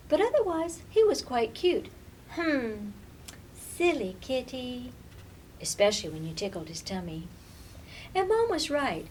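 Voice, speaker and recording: A woman librarian reading a picture book aloud to children, expressive and with dramatic pauses. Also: fairly high pitch, a little hiss or hum, low-quality recording. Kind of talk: storybook read-aloud.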